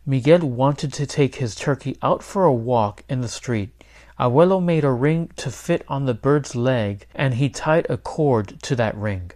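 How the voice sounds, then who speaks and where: A man, a teacher, reading a children's picture book aloud in clear, steady storytelling. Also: mid-range voice, measured pace. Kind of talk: children's read-aloud narration.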